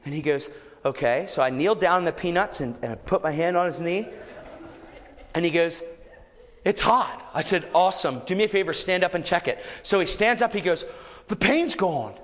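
Lively high-voiced male preacher, storytelling sermon, long hall reverb. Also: fairly quick. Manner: animated, rising to shouts when exhorting.

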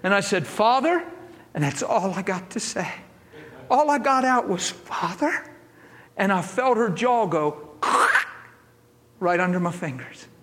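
High-voiced preacher telling a story in a hall. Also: male voice, unhurried, noisy background. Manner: animated, laughing, acts out voices in his story. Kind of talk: storytelling sermon.

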